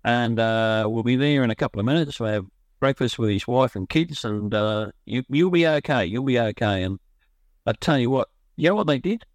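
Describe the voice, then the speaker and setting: A man's voice: medium pitch, normal speed, dry recording. A middle-aged man with an Australian accent, telling his own recovery story in a rambling, earnest way, often stopping to restart his sentences. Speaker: recovery speaker.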